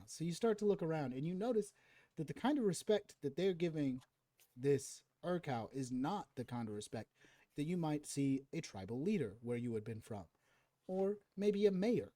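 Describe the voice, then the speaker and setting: A man runs a tabletop game, describing scenes with playful relish and casual swearing. His voice is husky and sits in a dry, close sound. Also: on the high side, expressive, moderate pace, dark tone, no room sound. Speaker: game master.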